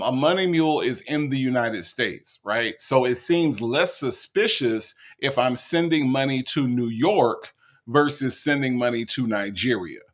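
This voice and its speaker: A man hosting a casual reaction commentary, talking straight to his viewers and laughing often. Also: medium pitch. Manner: animated, addresses viewers directly, laughs often. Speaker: commentary host.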